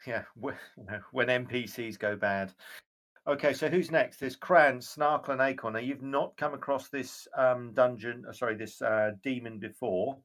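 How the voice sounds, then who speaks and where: A man running a tabletop game as game master, narrating the scene in a measured, descriptive way with occasional fillers. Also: medium pitch, steady tone, fairly bright tone.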